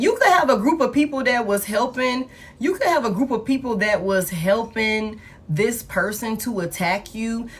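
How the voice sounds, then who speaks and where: A woman, giving a live tarot reading in blunt, profane, animated street talk. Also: medium pitch, breathy edge. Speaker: tarot reader.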